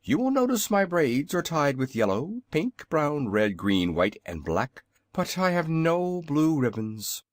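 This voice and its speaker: A man voicing a very old male inventor who is polite, odd and courteous, speaking in a bright, sing-song manner. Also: fairly high pitch, big pitch swings, a little slow, hardly any pauses, dry recording, clean studio sound, voice pushed up. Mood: chatty.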